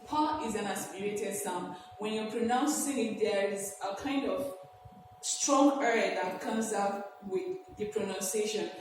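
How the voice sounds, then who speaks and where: A woman from Nigeria teaches slowly and deliberately, pausing on fillers as she explains. The mic is far from her, and a large hall adds long reverb. A clear background hiss runs throughout. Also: mid-range voice. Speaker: guest language teacher. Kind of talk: classroom-style lesson. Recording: echoey hall from a distant mic, noisy.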